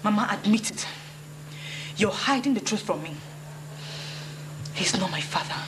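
A woman's voice: mid-range voice, expressive, a little slow, noisy background, lightly acted. A woman playing a distressed young woman who pleads and accuses her mother. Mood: upset. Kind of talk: film drama acting.

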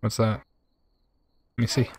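A man's voice: unhurried, darkish tone, no room sound. A young man streaming a game, chatting casually with his viewers and reading their messages aloud. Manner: laid-back, chatty, says "bro" a lot. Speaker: gaming streamer. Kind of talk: live gameplay commentary reading chat.

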